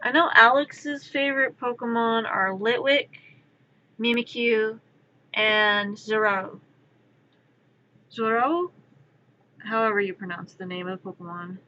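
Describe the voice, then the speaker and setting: A young woman streamer chatting casually, rambling into animated storytelling. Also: on the high side, moderate pace, dull audio, slight background noise. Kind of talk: casual chat while drawing. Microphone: streaming mic.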